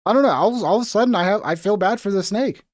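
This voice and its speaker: A man's voice: sits high, fast, no echo, clean studio sound. A man streaming a reaction to a video, talking casually with a profane, exasperated and rambling manner.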